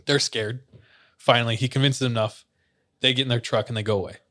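A young man tells a story to a friend in relaxed podcast chat. He acts out what other people said and laughs along as he goes. His voice sits at an ordinary pitch for a man. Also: fast talker. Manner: animated storyteller, acts out quotes, laughs often.

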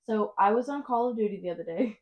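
Young woman, podcast co-host, casual storyteller, quick to laugh. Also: mid-range voice, lo-fi sound. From Texas. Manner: chatty storyteller, laughs often. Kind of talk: casual chat.

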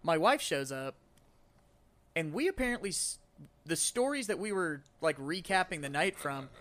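A married man co-hosting a podcast, telling bar stories in animated casual chat and swearing freely. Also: a little high, normal speed. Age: adult, married. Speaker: podcast co-host.

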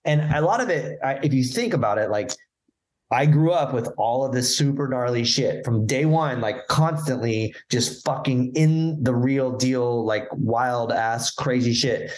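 A man's voice: mid-range voice, unhurried, a little mellow. A man as a podcast guest, telling stories in a rambling, profane way, full of fillers and restarts. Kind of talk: casual storytelling chat.

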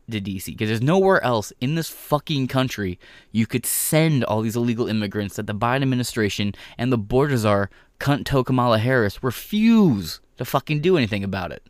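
A man's voice: fairly low pitch, no echo. A young man ranting through sarcastic, profane political commentary and reading a press release aloud.

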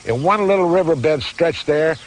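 A man's voice: on the high side, moderate pace, slight background noise, poor audio. An older man telling a rambling, profane racing story, laughing as he goes. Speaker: interviewee. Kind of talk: casual storytelling.

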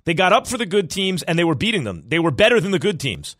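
A man hosting a sports talk radio show, arguing his opinions in a fast, animated, self-correcting way. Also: high-pitched, no echo, studio quality.

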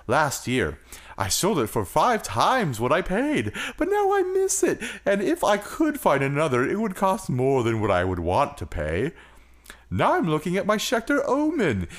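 A man putting on a silly spaceman voice to read a listener email aloud. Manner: sing-song, swooping pitch. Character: spaceman moon voice, adult man, goofy.

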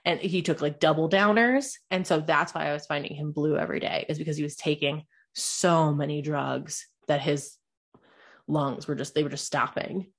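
A woman's voice: sits low, steady tone, normal speed. A young adult woman, telling a personal story in a candid, rambling way, swearing freely and using lots of fillers.

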